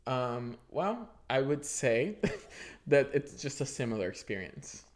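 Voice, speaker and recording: Animated young man telling stories. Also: medium pitch, takes it slowly. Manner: laughs through his storytelling, animated and self-mocking. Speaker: podcast co-host. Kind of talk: casual chat.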